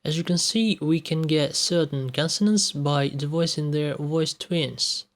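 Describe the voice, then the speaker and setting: Man, language teacher, slow and deliberate, example words spaced out one by one. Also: a little high. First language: Russian. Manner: measured, says each example word on its own. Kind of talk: scripted explanatory lesson with example words.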